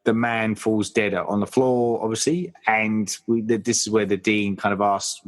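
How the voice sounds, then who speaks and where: A podcast co-host chats casually about a horror film, with many fillers and restarts. His voice is on the low side, steady in tone, at a moderate pace.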